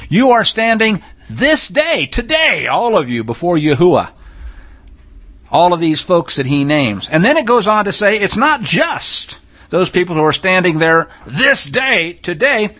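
A man's voice: on the high side, a bit bright. Emphatic man teaching scripture. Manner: emphatic, blunt, reads scripture aloud with rising intensity. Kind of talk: sermon-style Torah teaching.

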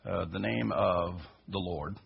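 A man teaching a sermon in an emphatic way, his voice rising to high stressed peaks. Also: slow, a little hiss or hum. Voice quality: husky, gravelly. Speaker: Messianic teacher. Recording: dull lo-fi recording.

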